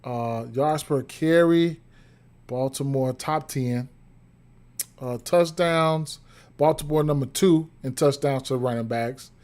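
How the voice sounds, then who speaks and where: A man's voice: mid-range voice, slow, darkish tone. A man doing casual livestream betting analysis, rambling with frequent fillers and repeated words, interrupted by hiccups. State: has the hiccups. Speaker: sports betting streamer.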